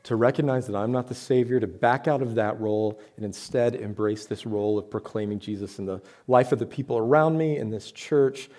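A man's voice: medium pitch, a little fast, hardly any pauses, a little mellow. A man preaching a sermon to his church, talking in a conversational way with rhetorical questions and emphatic points. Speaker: pastor.

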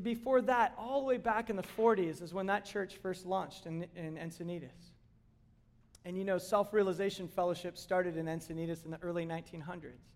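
A middle-aged male pastor delivering a sermon with a notably high-pitched voice. He preaches in an animated, emphatic way, building his points through repeated exclamations.

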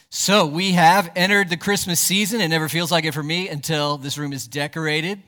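A man's voice: on the high side, steady tone, a little fast, hardly any pauses, sharp tone, in a large hall. A man, a pastor, preaching a sermon in a church sanctuary, emphatic and asking the congregation rhetorical questions.

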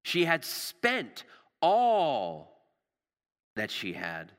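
A man preaching a sermon with passion, repeating words and dropping to a hush for emphasis, recorded in a church. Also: on the high side, huge pitch swings, very slow. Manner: impassioned, repeats words, drops to hushed emphasis. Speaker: pastor. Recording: long reverb of a large hall.

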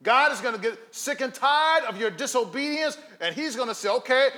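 A male pastor preaches with a high-pitched, brightly ringing voice. He tells stories to his congregation, dropping into quiet, hushed stretches before rising back to emphatic calls. His delivery has the rhythm of a storytelling preacher. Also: lively intonation, brisk. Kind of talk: sermon.

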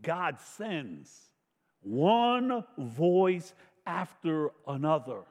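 A man preaching a sermon in slow, emphatic phrases, swelling to loud questions and dropping to a hush. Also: a little high, expressive, highs cut off. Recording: long reverb of a large hall.

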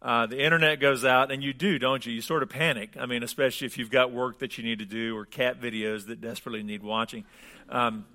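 A man preaching a sermon with a bright, forceful voice. He speaks in a relaxed, conversational way and tells stories with humor. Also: medium pitch, fast. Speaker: pastor.

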